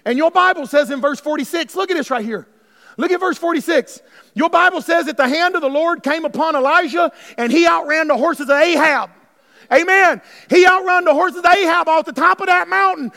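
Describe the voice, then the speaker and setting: A man preaching a sermon in a very high, bright and forceful voice. He calls out to the congregation and swings between hushed passages and shouts. The sound carries a long reverb from a large church sanctuary. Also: a little fast, gravelly. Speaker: pastor.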